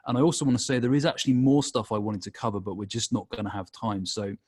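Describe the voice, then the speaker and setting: A man with a husky, slightly low voice runs through a podcast news roundup. He talks in a chatty way, full of wry asides and self-deprecating jokes. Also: fast talker, darkish tone. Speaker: podcast co-host reading news segment.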